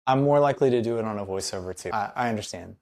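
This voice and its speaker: A man hosting a podcast, talking in a relaxed, open and friendly way in casual conversation. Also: on the low side, racing. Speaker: podcast host.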